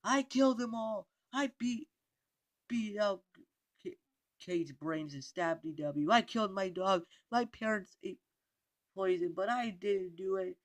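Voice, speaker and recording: A man putting on the high, frantic voice of a crazed young cartoon aardvark boy confessing, shouting shrilly during a creepypasta reading. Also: measured pace.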